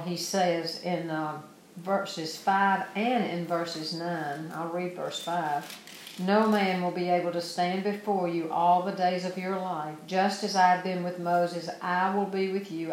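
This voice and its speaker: A woman's voice: on the low side, fairly even intonation, unhurried, reverberant, slight background noise, poor audio. A woman preaching a sermon, reading scripture verses aloud and then explaining them earnestly.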